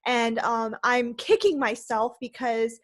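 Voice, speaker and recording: A woman's voice: fairly high pitch, slow. A woman co-hosting a casual podcast, bubbly and enthusiastic as she chats. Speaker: podcast co-host.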